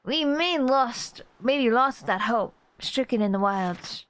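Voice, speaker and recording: A woman's voice: fairly high pitch, expressive. A woman doing a pompous castaway merchant. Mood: solemn. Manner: slow theatrical reading in a put-on accent. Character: pompous rich male merchant, grieving castaway.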